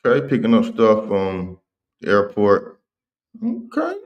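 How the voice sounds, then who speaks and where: A man's voice: on the low side, normal speed, muffled recording. A man hosting a casual livestream, talking in slang and reading viewer comments aloud. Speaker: livestream host.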